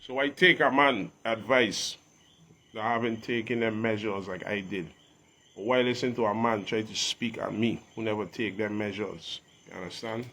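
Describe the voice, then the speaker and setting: A man from Saint Thomas with a Virgin Islands accent, talking as an interview guest in a preachy, emphatic way that often rises loud. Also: on the low side, steady tone, moderate pace. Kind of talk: casual reasoning talk.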